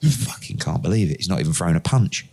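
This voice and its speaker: A middle-aged man, an interview guest, telling lively anecdotes and acting out the dialogue in them. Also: deep voice, fast talker, breathy edge. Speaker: interview guest, boxing promoter. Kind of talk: conversational storytelling.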